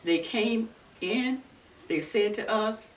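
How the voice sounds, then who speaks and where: A woman in her seventies from Florida, recalling her civil rights days in an earnest, unhurried oral-history telling. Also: fairly high pitch. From Florida, USA. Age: 70s. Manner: earnest, unhurried storytelling with many restarts. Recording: roomy, distant mic with faint background noise.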